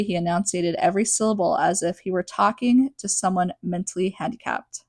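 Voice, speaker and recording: A woman's voice: lowish voice, fairly quick, few pauses, darkish tone, no echo. A young adult woman hosting a podcast, recapping a book in a chatty, sarcastic way full of "like". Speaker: podcast host.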